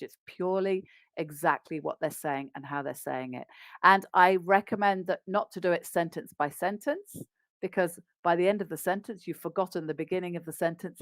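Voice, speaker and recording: A woman's voice: low voice, no room sound. A woman with an English RP accent, a business English coach, explaining practical tips in an upbeat conversational interview.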